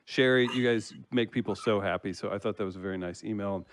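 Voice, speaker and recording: A man's voice: on the low side, fast, slight background noise. A man hosting a casual chat show, reading listener comments aloud and laughing often. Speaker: host.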